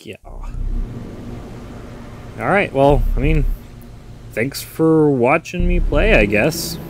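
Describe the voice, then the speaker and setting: A man's voice: fairly high pitch, lively intonation, takes it slowly, slight background noise. A man giving casual, self-deprecating commentary while playing an online game, chatting to the other players. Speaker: gaming YouTuber.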